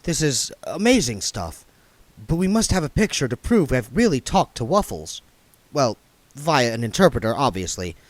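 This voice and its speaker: A man voicing an earnest, polite young reporter who talks briskly. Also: mid-range voice, sing-song, dry recording, voice pushed up.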